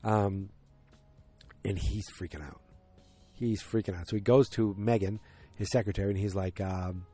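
A man with a lowish, mellow voice talks through a TV episode recap in a loose, casual way. He rambles, restarts sentences and leans on fillers, then picks up speed when the story gets tense. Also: steady tone, moderate pace, pauses often, faint music behind. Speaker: TV show recapper.

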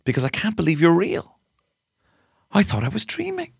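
A man voicing a smitten young man who delivers a cheesy pick-up line and sulks when it falls flat, in a whiny, exaggerated way. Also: high-pitched, normal speed, gravelly, slightly rough, no echo, studio quality, voice pushed up, full character voice. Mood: dreamy.

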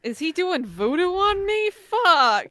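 A woman's voice: extremely high pitch, sing-song, slow pace, fairly bright tone, no room sound. A woman playing a tabletop game, jumpy and swearing between laughs. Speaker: player.

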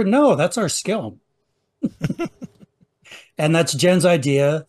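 A man's voice: a little high, expressive, slow pace, a little mellow. A man hosting a podcast, chatting casually and joking as he introduces old radio clips. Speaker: podcast host. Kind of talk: casual recap chat.

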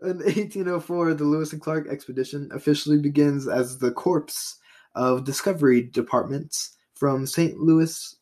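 A woman co-hosting a casual podcast. She reads history dates in a flat list voice and breaks off to swear and laugh. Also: low voice, normal speed. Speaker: podcast co-host. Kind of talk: casual podcast chat reading history facts.

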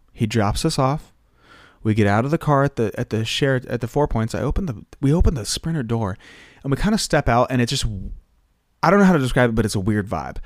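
A man's voice: mid-range voice, dry recording. A man, a guest pop singer, telling a casual rambling story full of filler words into a close mic.

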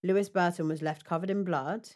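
A woman's voice: lowish voice, steady tone, a little fast, darkish tone. A woman co-hosting a casual chat, reading out news stories with laughter and asides. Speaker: podcast co-host.

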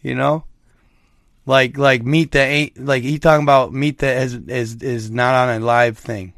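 Slow, gravelly-voiced man chatting casually. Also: medium pitch, fairly even intonation, fairly bright tone, dry recording, studio quality. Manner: rambling, slangy storytelling. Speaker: streamer chatting with viewers. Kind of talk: casual chat.

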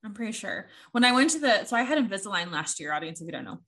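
A woman's voice: medium pitch, very fast. A woman co-hosting a podcast, chatting casually and animatedly, often acting out what other people said. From American. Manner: chatty, animated, acts out quoted voices. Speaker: podcast co-host. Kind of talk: casual chat.

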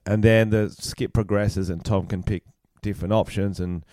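Smooth low-voiced man hosting a podcast. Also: normal speed, no room sound. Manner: animated, reads news stories aloud with laughs. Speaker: podcast co-host. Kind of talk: casual banter and storytelling.

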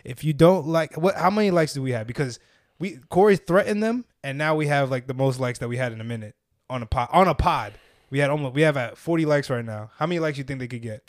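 A man's voice: mid-range voice, fast talker, dry recording, clean studio sound. A young man hosting a podcast in casual chat, with laid-back slangy talk. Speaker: podcast host.

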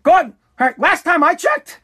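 A woman's voice: extremely high pitch, sing-song, normal speed, a bit bright. Angry woman ranting, lots of swearing, sarcastic, keeps repeating herself when she gets going. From United States. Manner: heated, profane, sarcastic, repeats words when worked up. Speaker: political commentator. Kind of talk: angry political rant.

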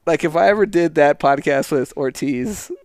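Man, podcast co-host, gravelly, smooth, dry close sound, casual, profane. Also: a little high, moderate pace, no room sound. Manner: loose and profane, laughing often. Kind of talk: casual chat.

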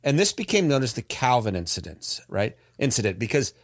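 Lively man telling a story. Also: medium pitch, a little fast, dry recording, studio quality. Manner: storytelling with many fillers and restarts. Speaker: podcast host. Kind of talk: casual chat.

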